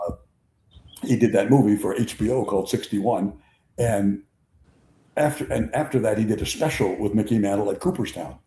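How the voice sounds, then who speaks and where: Mellow-voiced older sports storyteller. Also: male voice, on the low side, moderate pace. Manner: animated raconteur, acts out quotes. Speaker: sports show host. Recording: echoey room.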